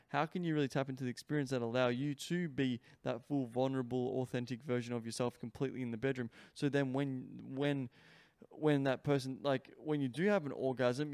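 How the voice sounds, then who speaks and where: A man talking solo on his podcast, cursing constantly and leaning hard on "like" between thoughts. His voice sits at an everyday middle pitch. The sound is dry, with no room around it. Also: darkish tone, clear, resonant tone, no echo. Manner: profane, emphatic, heavy use of "like" fillers. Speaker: podcast host and sex coach.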